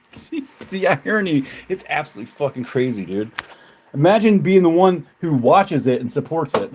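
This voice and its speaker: There's a little hiss or hum under this livestreamer as he rants at his chat. He's mocking and foul-mouthed, laughing a lot and moving between loud jabs and low mutters.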